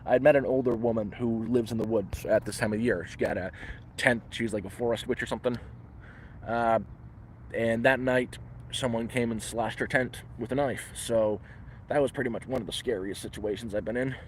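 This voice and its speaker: A man's voice: mid-range voice, fairly even intonation, moderate pace, a little hiss or hum. Man rambling through a story outdoors. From Canada. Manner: rambling, restarts often, acts out voices in quotes. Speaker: livestreamer. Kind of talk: casual live storytelling. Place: outdoors in the woods.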